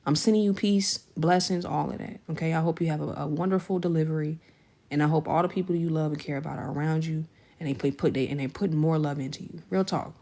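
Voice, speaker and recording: A woman hosting a casual livestream, chatting with viewers, thanking and shouting them out by name in an effusive, slangy way. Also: fast talker, gravelly. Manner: jumps to high excited pitch when celebrating. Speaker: livestream host.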